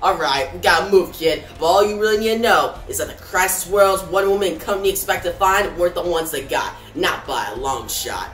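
A man doing a gruff old-school army sergeant. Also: high voice, lively intonation, brisk, few pauses, fairly bright tone, faint music behind. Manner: folksy, gritty, protective. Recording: echoey room.

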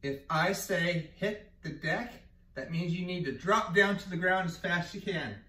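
A man's voice: high voice, moderate pace, pushed and bright. A man teaching a PE class, explaining a game and calling out commands in a playful way. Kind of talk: leading a gym class game. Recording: echoey room, mic far off.

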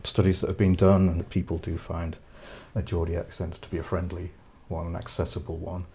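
A man's voice: low voice, little pitch movement, brisk, mellow, slight background noise. A man speaking as a linguistics professor, explaining thoughtfully in an interview with some hesitations.

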